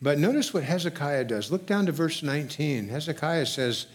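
Expressive male pastor preaching a sermon. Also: fairly high pitch, normal speed, hardly any pauses. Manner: expressive preaching, rising and loud when reading scripture aloud. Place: church sanctuary.

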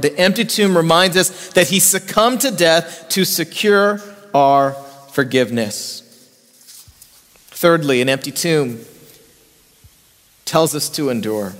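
A middle-aged male pastor preaching an Easter sermon, moving between raised, emphatic lines and hushed, soft ones. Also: mid-range voice, unhurried, pauses often. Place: church sanctuary. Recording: long reverb of a church hall.

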